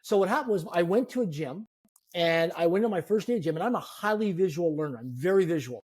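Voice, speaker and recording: A man in his fifties, a guest telling animated, self-deprecating stories in a conversation. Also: high-pitched, quick pace, slightly rough. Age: 50s. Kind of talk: storytelling in a conversation.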